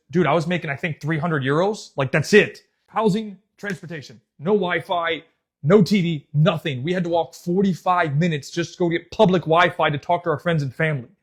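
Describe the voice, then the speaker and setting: Animated man telling a story. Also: fairly high pitch, husky. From United States. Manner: animated, swears a lot, says "bro" and "dude". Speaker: youth soccer coach and channel host. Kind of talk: casual storytelling.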